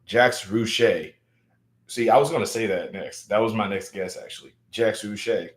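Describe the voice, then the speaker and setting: Young man hosting a casual livestream, lowish voice, echoey room, animated and repetitive. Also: measured pace. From Louisiana. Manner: animated, repeats words, hypes up viewers. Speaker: livestream host. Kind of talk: casual livestream chat reading viewer comments. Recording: roomy echo.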